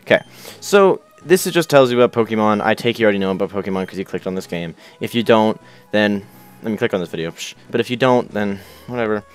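A young man talks through a video game in a loose, goofy way, with a lively voice that jumps up and down in pitch. He swears casually and now and then yells names for laughs. Faint music plays underneath. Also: fast talker, smooth. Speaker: let's play host. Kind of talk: casual game commentary, reading dialogue aloud.

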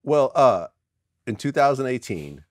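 A male interviewer asking questions and reading from his notes in a halting way, with many fillers. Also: mid-range voice, sing-song, no room sound. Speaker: interviewer host.

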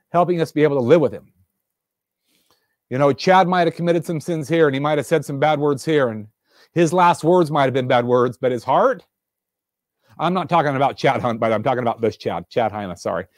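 Earnest, animated man for a livestream devotional, slightly high voice, dry close sound, repeats questions and reads viewer answers aloud. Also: no room sound. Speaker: fireside speaker. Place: indoors room, alone.

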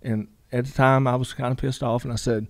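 A man's voice: mid-range voice, level tone, brisk, dry recording. A middle-aged man, telling a story casually in a rambling way, full of fillers and quoted dialogue. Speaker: guest.

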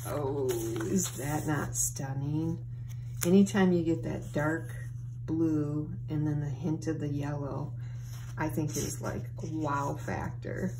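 A woman chatting to her viewers as she opens craft mail, gushing over every piece. She talks slowly in a somewhat low voice, and a steady hiss of background noise sits under her. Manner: gushing, excited, often breathy exclamations. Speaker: papercraft vlogger opening happy mail. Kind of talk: casual unboxing chat to viewers.

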